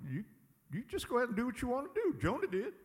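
A high-pitched man delivers a folksy sermon, rising into loud emphatic peaks and dropping to quiet asides. He chuckles between points, and his voice rings with the long reverb of a church hall. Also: huge pitch swings, fast. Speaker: pastor.

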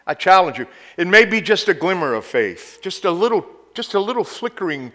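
A male pastor preaching a sermon. He moves from quiet, intimate passages to loud exhortation and leads the congregation in call-and-response. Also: sits high, sing-song, a little fast.

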